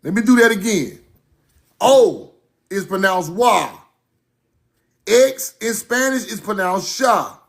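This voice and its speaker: Slow, emphatic man lecturing over slides. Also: high voice, lively intonation. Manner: emphatic, repeats points, directs slides.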